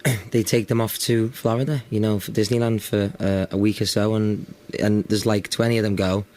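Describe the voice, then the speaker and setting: A man's voice: on the low side, fairly even intonation, brisk. A young man from Liverpool with a strong Scouse accent, a singer chatting easily as an interview guest. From Liverpool, England. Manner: chatty, warm about home, laughs easily. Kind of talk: casual interview chat.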